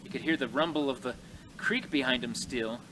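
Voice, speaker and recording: A man telling a frontier tale in a folksy, animated way, speaking to his audience outdoors in snowy woods. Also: mid-range voice, fairly quick, background noise. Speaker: living history storyteller. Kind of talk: folksy oral storytelling.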